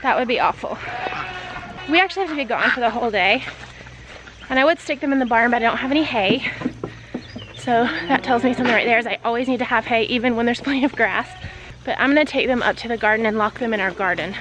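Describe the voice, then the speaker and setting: A woman vlogging outdoors on a farm, chatting casually with the camera and calling loudly to her animals. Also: on the high side, quick pace, faint music behind. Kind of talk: casual vlog chat.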